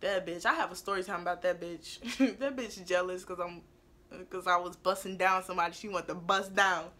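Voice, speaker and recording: Speaking fairly quickly, a young woman shares a laid-back storytime as a beauty vlogger. Her delivery is blunt and lively, full of swearing, dipping into quiet asides before bursting out loudly.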